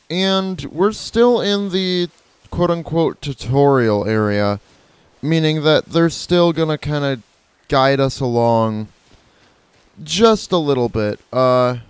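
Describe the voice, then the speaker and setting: The recording is dry, and the man's voice is on the high side, clear and resonant. A gameplay video host, he delivers casual let's-play commentary, rambling playfully, correcting himself along the way, and imitating creature cries.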